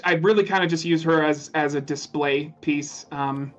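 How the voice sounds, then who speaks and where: A man's voice: on the high side, soft background music. A man calling in as a guest, talking candidly and ramblingly, with a lot of swearing. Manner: candid, rambling, profane, halting. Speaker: caller and guest. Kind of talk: casual chat on a call. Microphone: call audio. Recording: dull lo-fi call audio.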